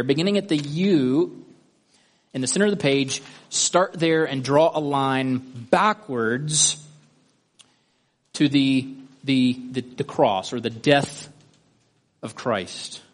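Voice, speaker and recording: Methodical male Bible teacher. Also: medium pitch. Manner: methodical, guiding listeners step by step through a drawing. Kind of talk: Bible study lesson.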